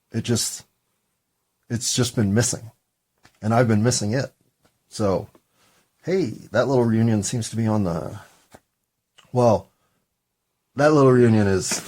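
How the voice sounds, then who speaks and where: A man's voice: fairly low pitch, a little mellow, breathy edge. A man in his fifties in a casual, rambling, self-deprecating solo monologue. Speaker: solo podcaster.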